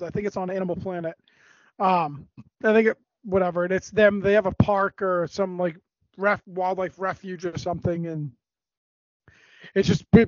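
A man's voice: high-pitched, dry recording, highs cut off. A man co-hosting a podcast, swearing freely and chatting loosely. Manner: swears a lot, fast and loose. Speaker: podcast co-host. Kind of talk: casual chat.

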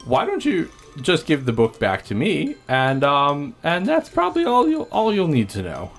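A man voicing a nervous, evasive middle-aged male cafe owner in a tabletop game, hoarse and stammering. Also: fairly high pitch, wildly swooping pitch, normal speed, soft background music, pitched above the performer's own voice, heavily acted. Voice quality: strained, hoarse put-on voice. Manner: hesitant, stammering.

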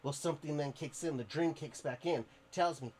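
A man telling a story on a podcast in a casual, animated voice that sits a little high for a man, rambling and restarting as he goes. Faint noise sits under the recording. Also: normal speed. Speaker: podcast guest.

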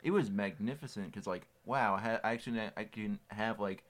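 Teen male co-host, lowish voice, jokey and laid-back banter. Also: brisk. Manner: joking, laughs easily. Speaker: podcast co-host. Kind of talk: casual chat.

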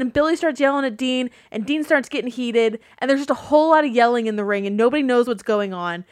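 Woman co-host, fairly high voice, blunt and animated, dry close mic. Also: fast talker, hardly any pauses, no echo. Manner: animated, blunt, swears freely, acts out quotes. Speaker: podcast co-host. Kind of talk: casual wrestling recap chat.

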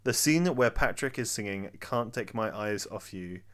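A man co-hosting a casual film podcast, quizzing his friend in a hesitant, low-key way. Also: moderate pace, a bit bright. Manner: hesitant, many fillers and restarts, low-key. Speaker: podcast co-host. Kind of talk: casual chat, quiz host.

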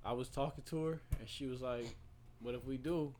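A man's voice: a little high, normal speed, crowd noise. A young man co-hosting a podcast in casual chat, telling stories and acting out the dialogue in them. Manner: animated storyteller, acts out dialogue. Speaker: podcast co-host.

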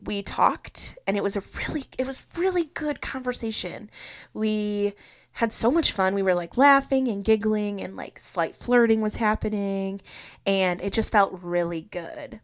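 A young woman hosting a solo podcast, retelling a personal story in an animated, confessional way. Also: medium pitch, measured pace. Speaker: podcast host.

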